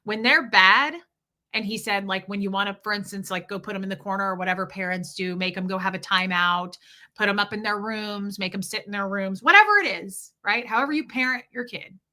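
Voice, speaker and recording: Her voice is medium in pitch, pushed and bright, and moves a little fast as this middle-aged woman recounts her life openly and candidly. Now and then she performs the voices of others in her tales.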